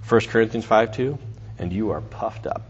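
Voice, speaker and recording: A man's voice: on the low side, moderate pace. A man teaching through a Bible passage in a conversational way, with restarts and asides. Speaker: preacher. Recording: dull lo-fi recording with faint noise.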